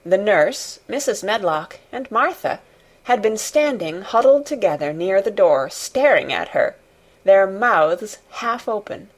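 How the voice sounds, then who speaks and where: A woman reading a classic novel aloud as an expressive audiobook narrator. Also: medium pitch, measured pace. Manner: expressive storytelling. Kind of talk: scripted narration.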